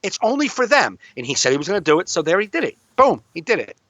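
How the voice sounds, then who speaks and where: A man co-hosting a casual podcast who slides into heated, swearing rants. His voice sits a little high and comes out forceful and tense. The recording is dry and a bit dull. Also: sing-song, quick pace, no echo. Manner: heated, profane ranting. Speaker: podcast co-host. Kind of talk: casual chat.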